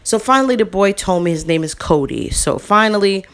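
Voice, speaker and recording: A woman in her thirties or forties, a vlogger telling a personal story in a heated, casual monologue. She is indignant and animated, with fillers and slang. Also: brisk. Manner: indignant, animated, swings up in pitch for emphasis.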